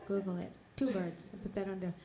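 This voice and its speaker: A woman's voice: mid-range voice, little pitch movement, quick pace. Brash middle-aged woman doing stand-up. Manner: brash, crude, self-mocking. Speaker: stand-up comedian. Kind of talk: stand-up comedy set. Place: comedy club stage. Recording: live club with crowd laughter. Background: audience laughter.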